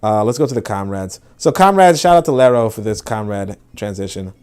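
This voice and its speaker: A man hosting a casual podcast, talking in a profane, dismissive and animated way. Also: fairly low pitch, brisk, over music. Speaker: podcast host. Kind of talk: casual commentary.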